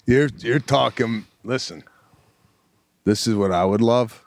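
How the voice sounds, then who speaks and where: A man's voice: medium pitch, slow. A man co-hosting a casual comedic chat, telling stories and acting out the voices of family and strangers. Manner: animated storyteller, acts out family voices. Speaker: podcast co-host.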